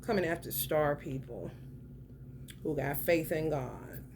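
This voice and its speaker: A young woman giving a casual tarot reading, blunt and profane, full of slang, swinging from loud outbursts to low mutters. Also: slow pace, noisy background. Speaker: tarot reader.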